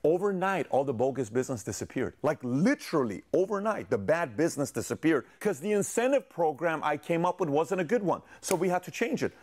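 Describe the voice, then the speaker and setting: A man giving a speech who tells a story with animated emphasis, rising for punchlines and dropping to hushed tones. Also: on the high side, a little fast, hardly any pauses. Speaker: public speaker.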